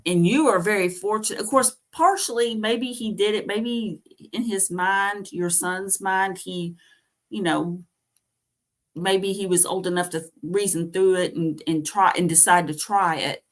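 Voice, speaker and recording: A woman's voice: mid-range voice, steady tone, measured pace. A woman hosting a casual chat, listening supportively with many brief affirmations. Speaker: host.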